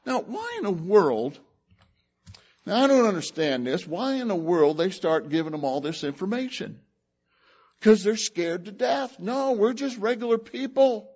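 A man preaching a sermon, retelling a scripture story with lively acted-out voices. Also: high-pitched, a little slow, husky, dull audio. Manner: animated storytelling, acts out the characters.

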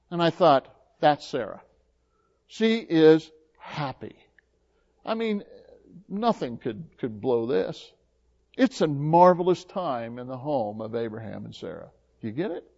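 A man's voice: fairly high pitch, big pitch swings, slow, creaky, long pauses, a little mellow, dull audio. A male pastor preaching a sermon in a folksy, conversational way, often restarting and filling with "uh" and "you know.". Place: church.

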